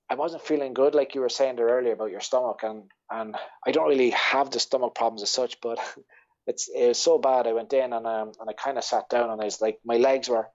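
A guest on a podcast, this Irish-accented ultra-runner laughs and curses freely while telling a wandering story in easygoing chat. His medium-pitched voice has a somewhat dark tone, and the audio sounds dull.

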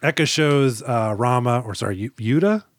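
A male podcast co-host in a loose, joking chat. He retells film scenes with comic asides and quick put-on voices. His voice sits at a middle pitch, and the sound is dead dry. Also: expressive, dry recording. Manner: joking storyteller, acts out scenes, swears freely. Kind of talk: casual movie-recap chat.

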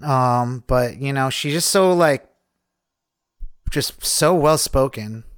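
A man's voice: mid-range voice, slow pace, clean tone. A man co-hosting a podcast, chatting casually and enthusiastically, rambling and laughing easily. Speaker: podcast co-host. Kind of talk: casual chat.

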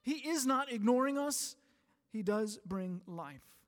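A man preaching a sermon in a high, earnest voice. He swells to emphatic peaks and then drops soft and quiet. His words ring out with a long reverb through a church sanctuary. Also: animated, takes it slowly. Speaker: pastor.

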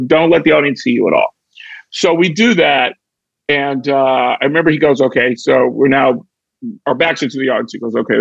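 A man's voice: medium pitch, gravelly, no echo, dull audio. A middle-aged man from Chicago, a comedian guest on a podcast, telling a backstage story and acting out the quoted dialogue. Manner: lively anecdote teller who acts out quoted dialogue.

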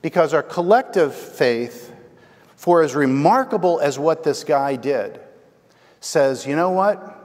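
Animated preacher in a reverberant hall. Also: male voice, a little high, takes it slowly. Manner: conversational, animated, asks the congregation "right?". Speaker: pastor. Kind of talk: sermon with storytelling. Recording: long reverb from a large hall.

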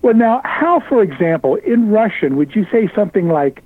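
A man's voice: high voice, very animated, normal speed, a little hiss or hum. A man calling in to a radio show, eager and chuckling as he chats. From Ohio, USA. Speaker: caller. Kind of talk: phone-in chat. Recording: dull lo-fi phone line.

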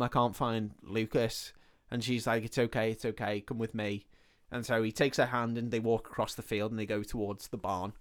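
A man co-hosting a podcast, casually retelling a film plot in an animated way and quoting the characters as he goes. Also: on the low side. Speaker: podcast co-host. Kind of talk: casual film recap chat.

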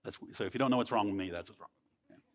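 In a large hall, a man with a lowish voice races through his personal faith testimony at church. He speaks earnestly and conversationally, with plenty of tag questions like "right?"

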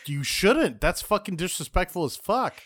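A man's voice: high voice, big pitch swings, normal speed, fairly bright tone, no echo. A man co-hosting a podcast, chatting casually in a blunt, profane way. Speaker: podcast co-host.

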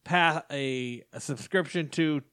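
A man's voice: fairly high pitch, slow, bright, forceful tone, clear, resonant tone. A man hosting a podcast, chatting casually, teasing and laughing often. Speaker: podcast host. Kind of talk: casual chat.

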